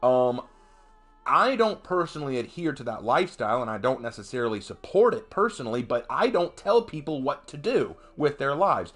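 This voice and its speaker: A man's voice: mid-range voice, sing-song, moderate pace, fairly bright tone, faint music behind. A man streaming a game and commenting casually, ranting emphatically with frequent restarts.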